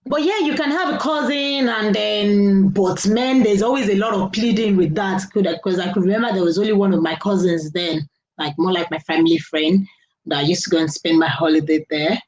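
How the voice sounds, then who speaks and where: A woman's voice: medium pitch, normal speed, a little mellow, rough recording. A middle-aged woman, chatting casually on a live stream, laughing often and talking to viewers. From Nigeria. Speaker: live-stream host reading viewer comments.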